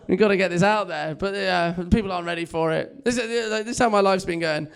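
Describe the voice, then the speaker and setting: On a comedy club stage, a young man performs an energetic, self-mocking stand-up set, telling stories in a chatty way. His voice is high-pitched and gravelly, and he talks fast.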